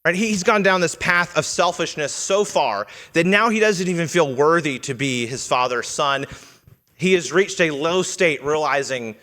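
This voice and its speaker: A man's high-leaning, expressive voice, bright and forceful, moves at normal speed through an earnest, teaching sermon. Standing in a church sanctuary, he questions the congregation and voices quotes in character, and long church-hall reverb fills the recording.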